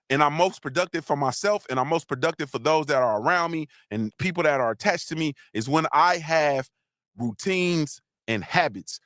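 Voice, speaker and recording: Livestream host, man, slightly high voice, dry close mic, loose and preachy. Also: dry recording. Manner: loose, joking, preachy, shouts out viewers. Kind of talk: casual motivational livestream talk.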